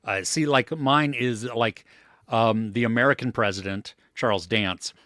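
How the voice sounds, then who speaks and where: A man co-hosting a live movie chat, blunt and animated when he dislikes a film. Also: mid-range voice, measured pace, dry recording, studio quality. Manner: blunt, animated when ranting about films. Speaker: movie podcast co-host.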